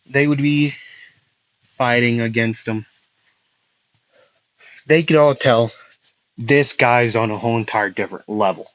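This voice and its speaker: A man's voice: medium pitch, a little slow, pauses often, fairly bright tone, dry recording, muffled recording. A man improvising a fan story, rambling and correcting himself with lots of fillers.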